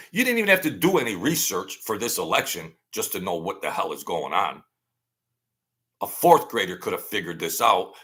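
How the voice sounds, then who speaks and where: A man's voice: lowish voice, pushed and bright. A man hosting his own channel, delivering an emphatic, repetitive political rant and mocking his opponents in a put-on whine. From Italian-American family. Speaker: political commentary host.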